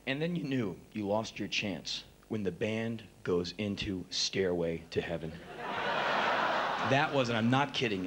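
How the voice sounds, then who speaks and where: A middle-aged man telling stories live on stage, animated and acting out the people in them, building to excited outbursts. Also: on the low side. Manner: animated, acts out voices, builds to excited shouts. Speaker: spoken word performer. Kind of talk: live spoken word storytelling. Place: live stage before an audience. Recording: live concert recording with faint crowd noise.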